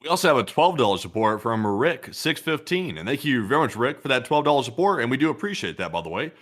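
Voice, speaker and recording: A man from the United States co-hosting a livestream, telling stories haltingly with many fillers. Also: medium pitch, sing-song, a bit bright. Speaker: news channel co-host. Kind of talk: casual livestream chat.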